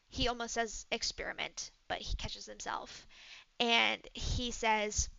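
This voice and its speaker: A woman's voice: fairly high pitch, flat delivery, slow, vocal fry, pushed and bright, no room sound. A woman game master casually narrating a tabletop role-play game. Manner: casual narration with fillers and restarts. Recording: dull lo-fi mic.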